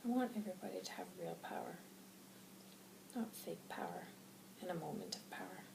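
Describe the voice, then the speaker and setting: A woman's voice: lowish voice, expressive, normal speed, creaky, in a whisper, rough recording. A woman voicing the channeled words of a passionate male spirit guide, preaching earnestly. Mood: hushed. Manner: earnest, preaching, relayed with "he says".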